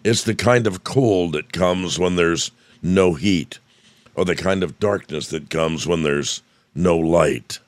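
An older man from Indiana delivers a folksy devotional talk in a very deep, low voice, his throat strained as though he is about to lose it. The sound is dry and close, with no room around it. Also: slow, no room sound. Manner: folksy, storytelling. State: losing his voice. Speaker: radio preacher.

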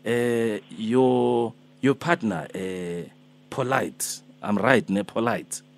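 A man's voice: fairly low pitch, slow, vocal fry. A man voicing a fussy, pleading elderly man who chases a debt in a prank phone call, rambling and hesitant. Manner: rambling, hesitant, calls her Mama and my darling.

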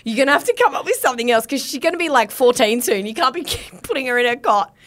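Woman, 30s, podcast co-host; lively, expressive pitch, blunt. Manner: lively, quick to react, blunt swearing. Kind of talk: casual chat.

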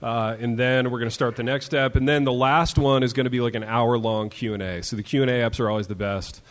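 A man's voice: mid-range voice, steady tone, fast talker. A man hosts a live podcast show in a hall, and his voice rings with a long reverb. He is playful and teasing, calling his co-hosts baby. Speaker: host.

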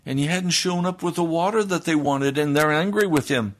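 A man preaching a sermon, swinging between loud declarations and hushed, low passages. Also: fairly quick.

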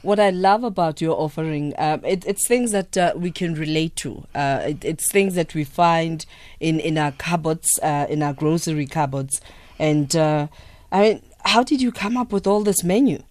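A man's voice: fairly high pitch, moderate pace, dry recording. A man hosting a radio show, chatting casually in a studio with many fillers. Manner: relaxed, filler-heavy, hums while chewing. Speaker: radio host. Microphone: studio microphone.

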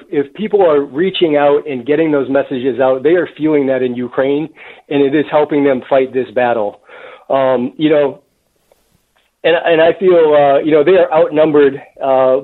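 Earnest man on a tinny phone line. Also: a little high. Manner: earnest, halting with fillers. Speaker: mayor, phone-in guest. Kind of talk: radio interview by phone.

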